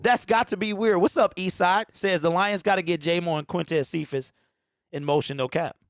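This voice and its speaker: A man in his forties hosting a casual sports fan show, reading viewer comments aloud, animated and quick to laugh as he talks straight to his audience. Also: high voice, no echo, clean studio sound. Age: 40s.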